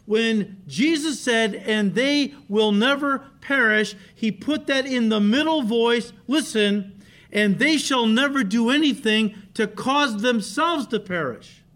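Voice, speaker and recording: A man preaching a sermon as a pastor, animated, often stopping to say "listen" and "okay". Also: very high-pitched, slow.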